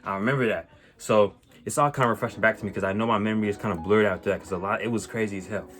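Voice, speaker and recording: A man telling a personal story on his vlog in a casual, animated way, swearing and using lots of slang, with many restarts. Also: on the low side, rapid-fire. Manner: animated, profane, slang-heavy, rambling with restarts. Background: faint music.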